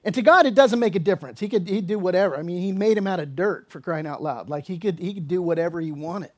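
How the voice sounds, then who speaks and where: A man's voice: high-pitched, fast, darkish tone. A man preaching a sermon as pastor, explaining scripture in a casual, conversational way with humorous asides and acted-out dialogue. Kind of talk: expository sermon.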